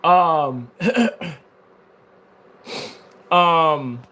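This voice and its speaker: Speaking very slowly in a slightly high voice, a man chats casually on a livestream, reading viewer comments aloud and answering them playfully and animatedly while laughing often.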